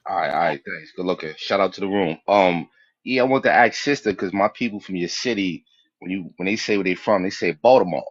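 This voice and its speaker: A man's voice: low-pitched, a little fast, lo-fi sound. A man from New York with a New York accent, speaking on a panel in blunt, slangy talk and asking pointed questions. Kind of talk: debate on a panel.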